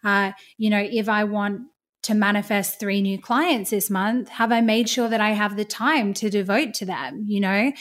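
A woman guest on a podcast, sharing her experience in an open, reflective and casual way. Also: mid-range voice. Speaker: podcast guest, business owner. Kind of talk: casual interview chat.

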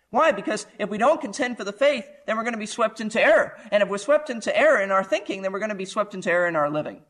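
Male preacher, high and bright, emphatic verse-by-verse sermon delivery. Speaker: pastor.

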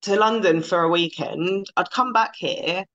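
A woman hosting a podcast, telling stories in a lively, casual way with the odd swear word. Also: fairly low pitch, unhurried. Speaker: podcast host. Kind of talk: casual interview chat. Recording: slightly dull, lo-fi sound.

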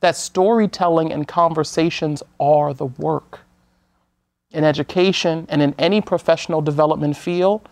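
A woman from the United States speaking as a guest on an interview show, measured and earnest, sometimes restarting her sentences. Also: low voice, a little mellow, no echo. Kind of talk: conversational talk-show interview.

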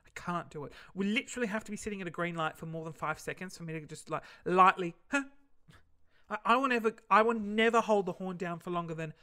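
Male podcast host, casual rambling solo chat, bright voice. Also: high-pitched, fast, few pauses, smooth. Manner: rambling, easily sidetracked.

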